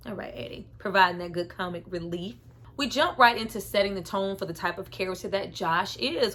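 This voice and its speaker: Animated, slangy woman reviewing a film. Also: mid-range voice. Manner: animated, slangy, laughing between remarks. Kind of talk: casual film review vlog.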